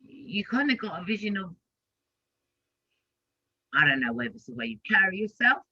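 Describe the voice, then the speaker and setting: Bright, emphatic man with dry sound. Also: high-pitched, moderate pace, vocal fry, breathy edge, no echo. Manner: animated, emphatic, with repeated restarts. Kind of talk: casual discussion. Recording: dry, dull lo-fi audio.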